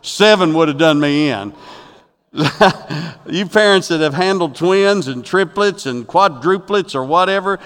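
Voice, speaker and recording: A middle-aged pastor preaches from the pulpit of a church sanctuary, telling folksy jokes and stories and getting louder at each punchline. His voice is on the high side and clean, at normal speed with few pauses, and the hall's long reverb carries it.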